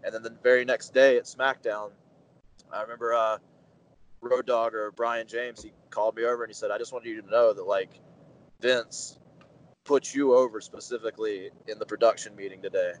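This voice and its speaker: Interview guest, man in his 30s, lowish voice, lively storyteller who acts out quotes. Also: moderate pace, poor audio. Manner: animated anecdotes, acts out quoted dialogue, many fillers. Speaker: pro wrestler, interview guest.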